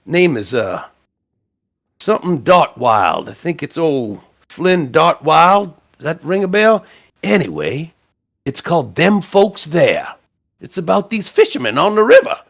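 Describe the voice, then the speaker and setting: A man's voice: on the high side, very animated, a little slow, gravelly, a bit bright, pitched above the performer's own voice, full character voice. A man voicing an undead male bard with folksy, drawling salesman patter. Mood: wheedling.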